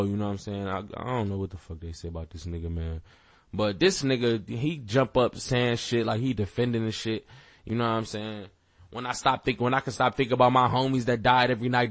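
A man rants casually as a podcast host, swearing freely and circling back with fillers. His voice sits at a middling pitch. The room sounds dry and close. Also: no echo. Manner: profane, rambling, heated, many fillers. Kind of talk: casual rant.

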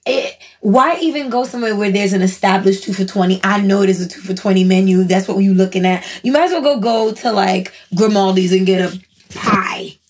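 A woman co-hosting a casual podcast chat, animated and quick to laugh. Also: medium pitch.

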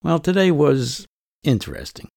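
A man's voice: a little high, wildly swooping pitch, normal speed, vocal fry, darkish tone, dry recording, clean studio sound. A middle-aged man hosting a podcast, telling a first-person story in a wry, conversational way. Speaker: podcast host and narrator.

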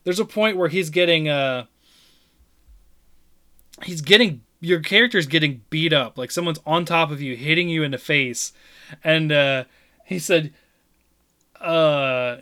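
Brief: talkative man, fairly high bright voice, loose rambling chat with big laughs. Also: a little slow, pauses often, clean tone. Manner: rambling, laughs loudly, restarts often; mimics game voices in retelling. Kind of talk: casual chat.

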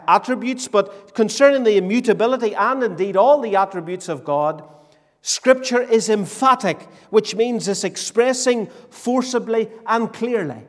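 Slow, high-voiced emphatic preacher man. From Northern Ireland. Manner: emphatic, slow, repetitive preaching with rhetorical questions. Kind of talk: sermon. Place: church hall. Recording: long reverb of a church hall.

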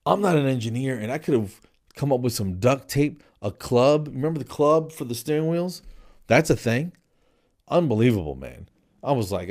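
A man hosting his own comedy podcast, telling rambling, animated stories in a casual way. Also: mid-range voice, normal speed. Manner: animated, rambling, jumps into playful voices for quoted people.

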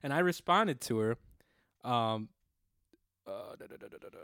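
A man's voice: medium pitch, normal speed, clean tone, no room sound, studio quality. Casual swearing young man podcaster. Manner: swears freely, animated quoting voices. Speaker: podcast co-host.

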